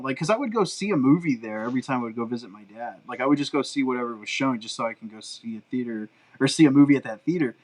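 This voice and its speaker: A middle-aged man, chatting on a podcast as co-host, an animated storyteller who laughs often. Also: mid-range voice, poor audio. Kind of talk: casual chat.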